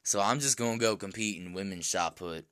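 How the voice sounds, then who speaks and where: Young guy joking around on a podcast, bright punchy voice, dry close sound, laughs a lot. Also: fairly low pitch, a little fast, clear, resonant tone, no room sound. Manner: joking, laughs often, slangy. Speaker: podcast co-host. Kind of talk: casual podcast banter. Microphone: call audio with dropouts.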